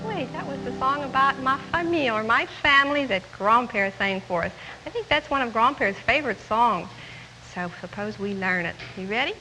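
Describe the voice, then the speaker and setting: A woman teaching young children French words and a song, speaking slowly and clearly and repeating each phrase. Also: a little high. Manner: slow, clearly enunciated, patient, repeats words; sings song lines. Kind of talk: children's language lesson. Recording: long hall reverb with faint music.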